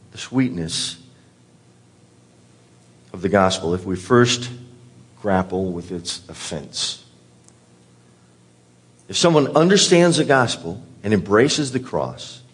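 Male pastor, sermon delivery, earnest and emphatic, a breathy low voice. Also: lively intonation, slow, pauses often. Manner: earnest preaching with repeated words and restarts.

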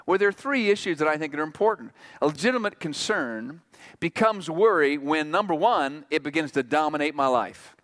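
High-voiced man preaching in a reverberant hall. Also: animated, a bit bright. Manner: earnest, conversational preaching with pauses and restarts. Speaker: pastor. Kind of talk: sermon.

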